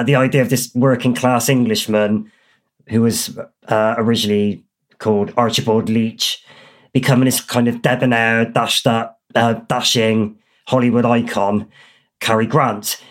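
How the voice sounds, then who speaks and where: A male host with a Bristolian accent asking a guest questions in a measured, inquisitive way. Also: mid-range voice, steady tone. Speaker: host interviewer. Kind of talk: podcast interview questions.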